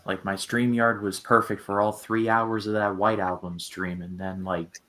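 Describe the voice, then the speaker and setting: A man's voice: lowish voice, flat delivery, normal speed, bright, forceful tone. A man joining a casual movie commentary stream, laid-back as he explains a dropout.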